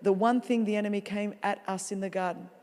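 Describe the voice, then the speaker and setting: A woman preaching a sermon as a guest speaker in a large church, animated and playful, with comic asides. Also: mid-range voice, quick pace. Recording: long reverb of a large hall.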